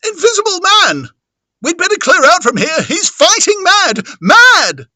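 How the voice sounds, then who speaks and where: A man voicing a panicked village doctor who is shouting in alarm, for an audiobook. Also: very high voice, wildly swooping pitch, unhurried, dry recording, clean studio sound, pitched above the performer's own voice, exaggerated voice.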